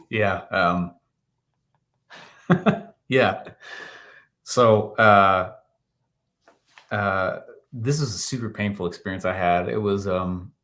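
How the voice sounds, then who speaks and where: A man in his thirties, a podcast guest telling a story in lively fashion, laughing often and acting out what people said. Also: fairly low pitch, drawn-out words, pauses often. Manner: animated, laughs often, acts out quotes. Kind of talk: storytelling interview answer.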